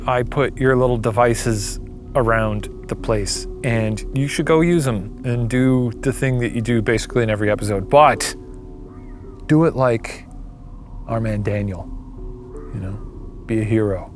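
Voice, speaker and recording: A man's voice: medium pitch, normal speed, music in the background. Dry sarcastic man teasing his partner. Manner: dry, sarcastic, leading questions. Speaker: co-host, skeptic. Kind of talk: teasing banter.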